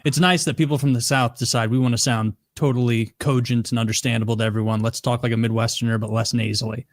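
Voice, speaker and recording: A young man co-hosting a podcast in casual chat, animated and laughing, often mimicking voices as he tells stories. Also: mid-range voice, quick pace, no room sound. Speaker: podcast co-host.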